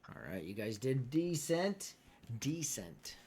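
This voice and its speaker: A man in the game master's seat, voice of medium pitch, easygoing and a bit halting. He calls for rolls and narrates in a casual way. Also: expressive. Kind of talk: running a tabletop game.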